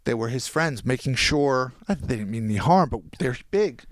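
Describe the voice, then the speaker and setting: A man, a podcast guest, telling a long anecdote in casual chat and quoting people in quick voices. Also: medium pitch, expressive, dry recording.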